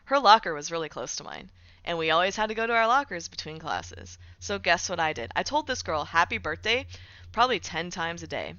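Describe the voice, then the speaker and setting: A woman's voice: on the low side, very animated, brisk, sharp tone, clear, resonant tone, no echo, muffled recording. A young woman streaming casually, chatting with her viewers, peppering her talk with "right?" and sarcastic asides. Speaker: streamer reading chat. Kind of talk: casual live-stream chat.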